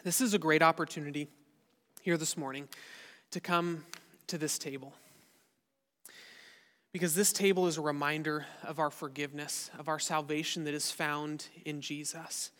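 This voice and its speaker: A pastor preaching a sermon to his church, earnest and often dropping softly at the end of a point. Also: on the high side, fairly even intonation, normal speed, pauses often, in a large hall. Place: church sanctuary.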